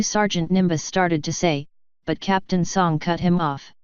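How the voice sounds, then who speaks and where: Woman reading fanfic aloud, real smooth voice, dry kinda muffled audio. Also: on the low side, fairly even intonation, a little slow, no echo. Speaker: fanfiction reader. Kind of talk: audiobook narration.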